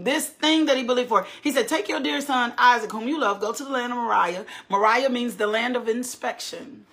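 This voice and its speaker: A woman preaching to her congregation in a high, bright voice. She stacks repeated phrases into a rising cadence and bursts into emphatic exclamations, then drops low for the scripture readings. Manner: repetitive, building cadence with exclamations. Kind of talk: sermon. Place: church service.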